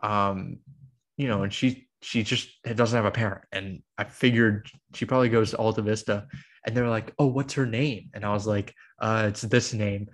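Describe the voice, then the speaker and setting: A man's voice: fairly low pitch, steady tone, moderate pace. A man hosting a podcast, telling a long story in casual chat, with lots of filler words and quoted dialogue. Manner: rambling storytelling full of "like" and acted quotes. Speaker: podcast host.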